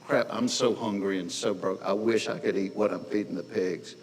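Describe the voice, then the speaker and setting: A man's voice: lowish voice, steady tone, moderate pace, breathy edge, big-room sound. A man voicing a desperate, broke young man ready to swallow his pride and go home.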